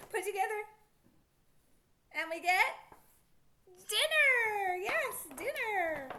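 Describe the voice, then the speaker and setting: Bright, high-voiced patient woman teacher. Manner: slow, encouraging, sing-song prompting questions. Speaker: phonics teacher. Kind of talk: slow, patient teaching to children.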